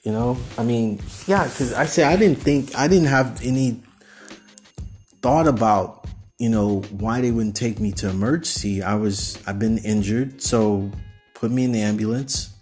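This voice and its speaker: A man hosting a podcast, telling a personal story in a rambling, animated way and acting out what people said. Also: mid-range voice, a little slow, soft background music. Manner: rambling, animated, acts out quotes. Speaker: podcast host.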